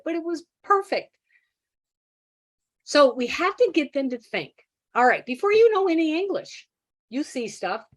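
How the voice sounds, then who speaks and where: A middle-aged woman, a teacher of deaf children, giving a workshop talk and telling a classroom story with animated acted-out quotes. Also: high-pitched.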